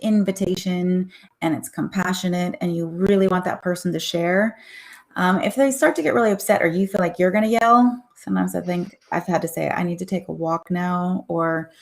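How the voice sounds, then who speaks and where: A woman talking as a guest in a casual conversation, open and reflective, with hesitant pauses. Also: on the low side, steady tone, vocal fry. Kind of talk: casual livestream chat.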